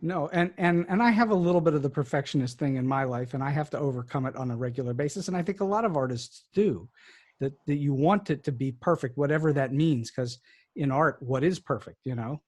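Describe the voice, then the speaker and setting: Slightly high-voiced male podcast host. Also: a little fast, a little mellow. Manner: affirming, thoughtful interviewer. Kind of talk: conversational interview.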